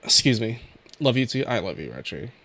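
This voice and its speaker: A man's voice: medium pitch, sing-song, brisk, very noisy. A man streaming as a VTuber, teary and emotional, swearing casually and laughing often as he chats with viewers. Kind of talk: casual livestream chat, reading chat messages.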